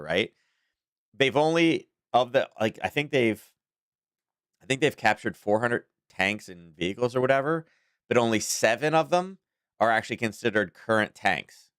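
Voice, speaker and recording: A man's voice: lowish voice, lively intonation, normal speed, a bit bright, dry recording. Chatty man rambling over markets, dry sound. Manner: rambling, chatty, chuckles between points. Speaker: host of a daily market analysis stream. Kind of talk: casual market commentary.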